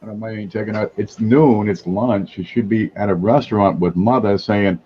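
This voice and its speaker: A man's voice: lowish voice, moderate pace, few pauses, warm tone, slightly rough, muffled recording. A man hosting a casual livestream chat, wisecracking and joking as he talks. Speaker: host.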